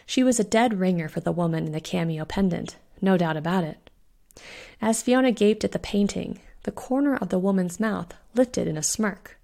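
A woman who hosts a podcast, narrating her own spooky short story in a measured, suspenseful way. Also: mid-range voice, vocal fry, mellow. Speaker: podcast host and author reading her story. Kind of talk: audiobook narration.

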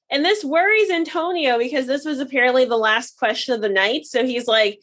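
A woman's voice: high voice, normal speed, hardly any pauses, a bit bright. A woman co-hosting a podcast, chattily recapping a show and acting out quotes with laughs. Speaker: podcast co-host. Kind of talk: casual chat recapping a show.

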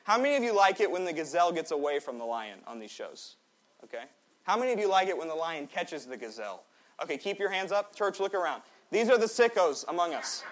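Energetic young preacher, slightly high voice. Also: male voice. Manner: energetic, swings between loud exhortation and quiet, joking asides. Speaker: pastor. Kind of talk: sermon. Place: church sanctuary.

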